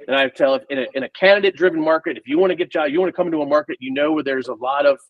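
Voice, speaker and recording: A middle-aged man speaking in a fairly high voice, talking fast and energetically as he acts out both sides of sales calls. He sits a bit back from the mic on a video call. The sound is dry, with no room echo. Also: far from the mic, highs cut off. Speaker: recruiter. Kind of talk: casual explanatory talk on a group call.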